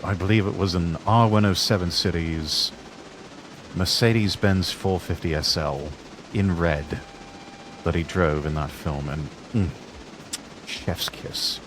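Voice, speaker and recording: A man's voice: sits low, fairly even intonation, a little slow, noisy background. A man chatting on a game stream, telling stories in a rambling, hesitant way. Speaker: stream co-player. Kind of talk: casual game-stream chat.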